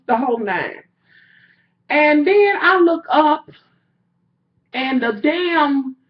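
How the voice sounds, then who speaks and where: A young woman with a fairly high voice tells a story straight to her viewers, swearing freely and switching from muttered asides to loud, exasperated outbursts. The recording sounds dull and lo-fi. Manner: animated, profane, swings between low asides and loud outbursts. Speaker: vlogger telling a story. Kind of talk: casual storytelling rant.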